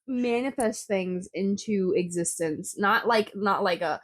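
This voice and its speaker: A young woman co-hosting a podcast in casual chat, animated, swearing freely and laughing often. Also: mid-range voice, unhurried. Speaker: podcast co-host.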